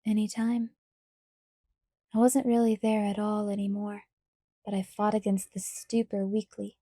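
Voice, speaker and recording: Mellow, flat-toned woman reading aloud. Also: mid-range voice, moderate pace, no room sound, clean studio sound. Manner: quiet, even first-person narration. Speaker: audiobook reader. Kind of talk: novel read-aloud narration.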